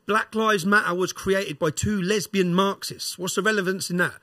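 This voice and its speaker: A middle-aged Englishman, a podcast guest, tells a story and rants emphatically, constantly firing "yeah?" at the listener. His voice is high, steady, bright, and forceful, at a moderate pace, in dry, studio-quality audio.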